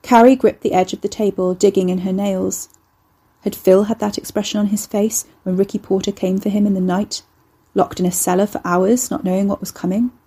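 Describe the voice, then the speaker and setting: A woman reading a horror novel aloud in a measured, intimate narration. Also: mid-range voice, flat delivery, dark tone, slightly rough. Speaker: audiobook narrator.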